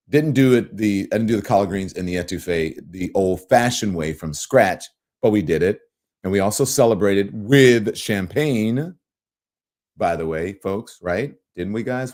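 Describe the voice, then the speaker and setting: A man from Louisiana with a softened Southern accent, hosting a livestream and reading viewer comments in an animated, emphatic way. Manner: animated, swooping pitch, emphatic. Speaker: show host.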